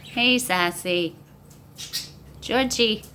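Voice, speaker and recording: A woman's voice: medium pitch, drawn-out words, pushed and bright, slight background noise. A woman coaxing her pets in a sing-song, baby-talk voice, recorded on a phone at home. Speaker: pet owner. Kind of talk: talking to pets. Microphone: phone camera.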